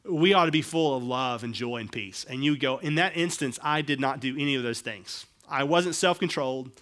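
A middle-aged male pastor preaching a sermon, swinging between quiet, low asides and raised, emphatic passages. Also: moderate pace.

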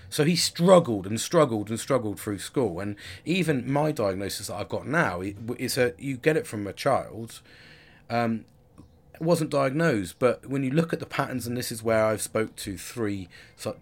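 A man's voice: mid-range voice, expressive, moderate pace. A man in his forties talking candidly in a rambling personal monologue, with frequent restarts and casual swearing. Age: 40s.

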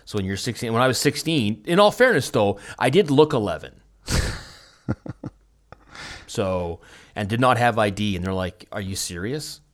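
A Canadian man co-hosting a podcast, chatting casually and teasing himself in an easygoing way. His voice sits fairly low for a man. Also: lively intonation, normal speed, pauses often. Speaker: podcast co-host. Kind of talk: casual chat.

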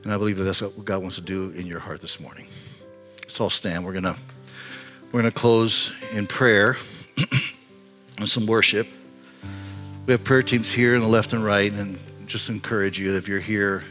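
A man in his sixties preaches a sermon in a church, telling a personal story with earnest emotion. He swings from impassioned, climbing lines to hushed, intimate appeals, with faint music underneath. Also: lowish voice, steady tone, normal speed, pauses often. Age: 60s. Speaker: pastor. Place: church sanctuary.

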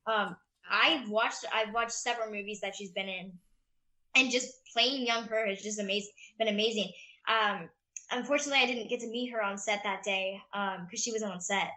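A woman's voice: medium pitch, moderate pace, pushed and bright. A woman interviewed about her acting work, talking in a bubbly, gushing way with lots of fillers. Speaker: actress being interviewed. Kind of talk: casual interview chat.

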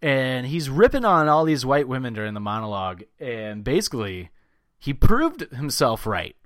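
A man's voice: mid-range voice, big pitch swings, moderate pace, no room sound, studio quality. A man co-hosting a podcast in casual chat, swearing often and now and then mocking people in put-on voices. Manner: loud, crude, swearing, breaks into mocking voices. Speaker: podcast co-host.

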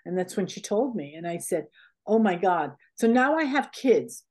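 Her voice sits at medium pitch with a sing-song lilt, and she talks at a moderate pace. The speaker is a middle-aged American woman being interviewed casually, sharing heartfelt, rambling stories packed with "you know"s and other fillers.

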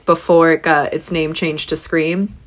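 A woman's voice: sits low, flat delivery, unhurried, a little hiss or hum. Woman chatting wryly on a podcast. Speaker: podcast co-host. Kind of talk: casual film discussion.

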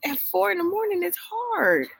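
A woman's voice: very high voice, wildly swooping pitch, normal speed, gravelly, fairly bright tone. Chatty woman co-hosting a casual podcast. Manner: chatty, laughs often. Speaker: podcast co-host. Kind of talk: casual chat.

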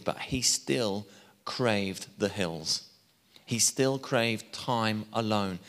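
Chatty preacher in a reverberant hall. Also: male voice, on the low side. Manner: chatty, warm asides, laughs at himself. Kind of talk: sermon.

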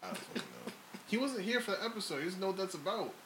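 A man's voice: high voice, animated, racing. A man hosting a podcast, joking and laughing in casual, profane banter with friends at home. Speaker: podcast host. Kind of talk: casual chat among friends. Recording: noisy home recording.

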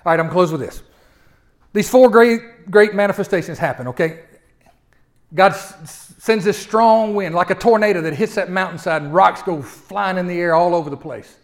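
A man preaches a folksy sermon. His voice sits fairly high, rises loud at the peaks and drops to a near hush. He often stumbles over his opening words and repeats them. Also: moderate pace. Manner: folksy preaching with big swings from loud to hushed; repeats words when starting sentences. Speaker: pastor.

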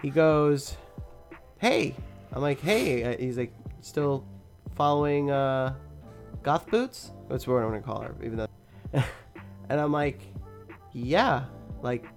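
A woman's voice: very deep voice, a little slow, long pauses, soft background music. A young woman hosting a podcast, telling a story casually with lots of swearing and laughter. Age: young adult. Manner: animated, swears a lot, laughs often. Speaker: podcast host.

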